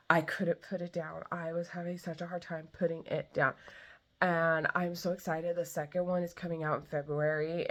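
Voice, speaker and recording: A young woman vlogger chatting casually and enthusiastically about a book she loves, rambling with many fillers. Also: on the low side. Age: young adult. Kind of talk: casual book review chat.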